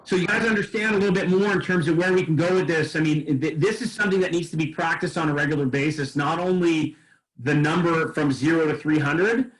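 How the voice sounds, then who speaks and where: A man running a sales training session, his voice sitting somewhat high. He coaches trainees through role-play and often restarts his sentences with repeated words. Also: poor audio. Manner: coaching, quick asides, repeats words when starting.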